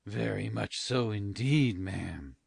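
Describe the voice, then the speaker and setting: A woman reading an audiobook, voicing a pompous male parish beadle in a slow, grave manner. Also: a bass voice, gravelly, darkish tone, husky, no room sound, studio quality, pitched below the performer's own voice, full character voice. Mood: wooing.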